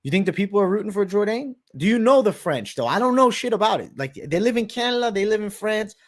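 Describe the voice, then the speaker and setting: A man with a high, fast voice and lively intonation hosts a live betting stream. He's casual, brash and profane, sprinkling "bro" throughout as he takes questions from viewers.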